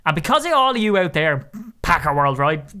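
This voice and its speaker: Irish guy rambling about his football team on a podcast, smooth clear voice, jokey asides. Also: fairly high pitch, sing-song, brisk. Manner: chatty, wry asides, mock shouting. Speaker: podcast host. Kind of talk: casual sports podcast commentary.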